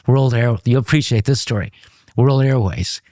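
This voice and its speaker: A man who served as a congressman, talking as an interview guest and telling an anecdote in an animated way, with frequent restarts and bursts of laughter. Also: mid-range voice, normal speed, no room sound, studio quality. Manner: speaks the language of his father's homeland. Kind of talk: storytelling in a conversational interview.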